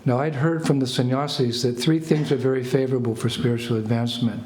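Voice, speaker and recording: A man's voice: medium pitch, quick pace. An older American man telling a story with energy, laughing and acting out bits of dialogue. His voice sits in a middle register. The room sounds echoey, with a faint hum of ambient noise behind him. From United States. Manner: animated anecdotes, laughs, acts out French phrases. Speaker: spiritual teacher. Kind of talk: storytelling talk to a small group.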